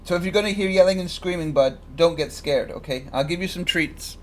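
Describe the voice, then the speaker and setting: A man with a slightly high voice talks over a live football match for his stream. He chats, jokes and rattles off gloomy predictions for his own team. The delivery is loose and conversational, like a fan on the sofa. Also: a little fast, slight background noise. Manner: chatty, joking, fan-biased predictions. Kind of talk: casual live match commentary.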